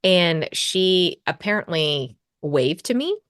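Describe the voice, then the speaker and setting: Female podcast co-host, deep for a woman, dry close sound, chatty anecdote style. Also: big pitch swings, slow, a bit bright, dry recording. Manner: storytelling, chatty, laughing asides. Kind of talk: casual conversational chat.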